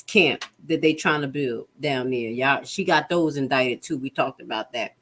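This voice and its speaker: A woman's voice: very deep voice, moderate pace, few pauses, fairly bright tone. A woman giving indignant, profane commentary and reading news aloud with her own asides. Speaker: political commentary vlogger. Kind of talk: casual ranting commentary.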